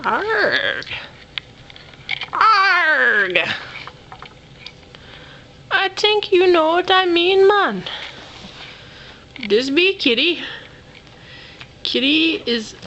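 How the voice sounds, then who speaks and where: A woman's voice: extremely high pitch, takes it slowly, pauses often, fairly bright tone, dull audio. A woman filming her pets at home, joking around in mock-pirate slang and teasing the animals. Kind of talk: playful home video commentary. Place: at home indoors. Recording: noisy home camcorder audio.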